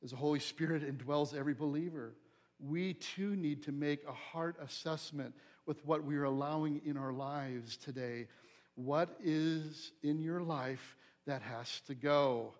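A man's voice: fairly high pitch, measured pace. A pastor preaching a fervent sermon, building to emphatic, searching questions to his listeners.

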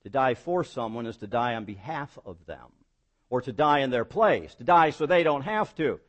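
A man preaching a sermon as pastor, voicing quoted lines with rising emphasis and dropping low on key words. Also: animated, moderate pace.

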